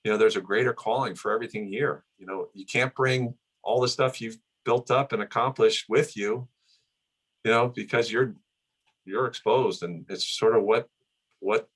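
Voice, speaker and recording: A man's voice: on the low side, a bit bright, breathy edge. A middle-aged man being interviewed, reminiscing in a casual, rambling way with many restarts. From United States. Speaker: guest, son of the honoree.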